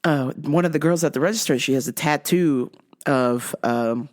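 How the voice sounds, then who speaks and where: A woman's voice: sits low, moderate pace. A woman casually telling funny stories from her cashier job, giggling often and swearing freely. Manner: giggly, profane, animated. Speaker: vlogger and store cashier. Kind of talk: casual comedic storytelling.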